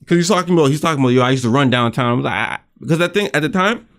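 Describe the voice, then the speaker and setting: Animated, fast-talking man podcast co-host. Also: fairly high pitch. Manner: heated, emphatic, repeats himself. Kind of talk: casual chat.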